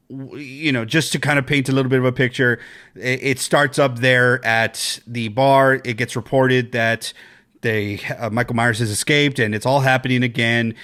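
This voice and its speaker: A man co-hosting a casual podcast, talking in an animated, excitable way and swearing freely. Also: moderate pace. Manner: animated, excitable, swears, jumps to high pitch when quoting. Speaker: podcast co-host.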